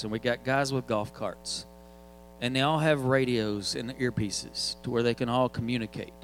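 A man's voice: mid-range voice, slight background noise, poor audio. A man, preaching in a casual, joking storytelling way. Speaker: guest preacher. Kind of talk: sermon storytelling.

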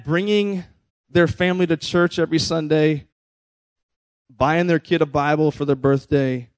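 A man's voice: mid-range voice, dry recording. A man preaching a sermon in a conversational way, often checking in with his listeners. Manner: conversational preaching, frequent "right?" asides. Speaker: pastor.

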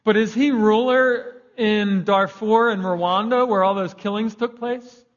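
Young guy pastor preaching, kinda high voice, sounds a bit dull and lo-fi, gets loud to make a point. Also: fairly even intonation, a little slow. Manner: conversational preaching, swings loud for emphasis. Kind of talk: sermon. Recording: dull lo-fi recording.

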